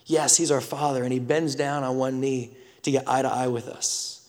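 A man, preaching a sermon that swings from loud scripture reading to hushed whispers. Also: mid-range voice, steady tone, moderate pace. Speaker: pastor. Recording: long reverb of a large hall.

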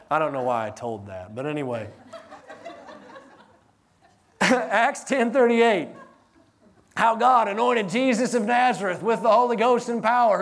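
A man preaching a sermon as pastor, animated, swinging between loud emphatic lines and hushed ones, laughing through his stories. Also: sits high, slight background noise.

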